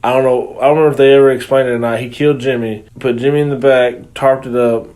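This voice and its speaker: A man talking through a movie plot in a loose, rambling way. His voice sits at an ordinary pitch for a man. He swears freely and leans on "like" as he goes. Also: fairly even intonation, fast, a little mellow. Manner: rambling, profane, lots of filler "like". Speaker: movie review co-host. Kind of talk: casual chat.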